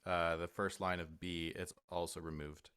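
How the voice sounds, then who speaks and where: A choir singer with a deep, smooth voice asks hesitant questions on a video call. The sound is dry and close to the mic. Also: male voice, level tone, normal speed, a bit bright, no room sound. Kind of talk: asking questions in a lesson.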